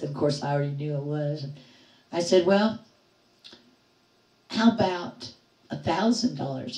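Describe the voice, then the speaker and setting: A middle-aged woman hosting a livestream, telling a story to her chat in a lively way, acting out the voices she quotes and laughing often. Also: low voice, moderate pace, echoey room, far from the mic, rough recording. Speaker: livestream host. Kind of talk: casual storytelling to live chat.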